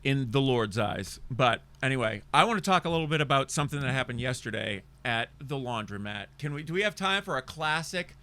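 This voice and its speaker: A man's voice: mid-range voice, expressive, brisk, few pauses, sharp tone. A young man co-hosting a podcast, talking in a loose, crude, joking way and rambling through stories. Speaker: podcast co-host. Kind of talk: casual chat.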